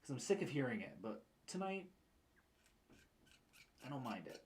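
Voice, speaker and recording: A man's voice: mid-range voice, sing-song, moderate pace, a little hiss or hum. A young man with an upstate New York accent, chatting casually on a stream and answering his chat in a rambling way. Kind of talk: casual chat while painting miniatures.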